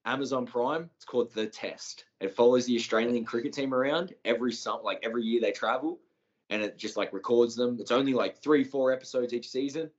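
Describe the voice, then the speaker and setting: A man co-hosts a casual sports podcast in a mid-pitched voice, excitable and full of slang. He swears casually. The recording sounds slightly muffled. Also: a little fast. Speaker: podcast co-host.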